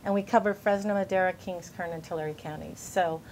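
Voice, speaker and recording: Female charity rep on TV, lower voice, sincere and grateful, faint noise. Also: fairly even intonation, a little fast, darkish tone. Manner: earnest, grateful. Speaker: food bank representative. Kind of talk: studio interview.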